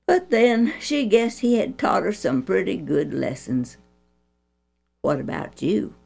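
Woman storyteller, slow and gravelly, lively pitch, soft music behind. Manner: expressive, preachy. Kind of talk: Christian children's story reading.

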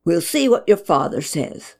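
A stern, fussy mother, as a woman reading a storybook puts her on scolds in a slow, animated voice. There is a gravelly edge to it. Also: fairly low pitch, full character voice. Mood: scolding. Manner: complaining, scolding.

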